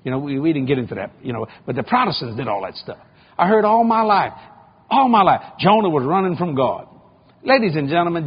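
High, animated older preacher man. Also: husky, highs cut off. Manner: folksy, dramatic storytelling with acted-out prayers. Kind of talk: sermon.

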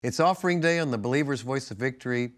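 A man hosting a ministry broadcast, thanking givers and reading scripture in a measured, emphatic way. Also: mid-range voice. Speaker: ministry broadcast host and pastor.

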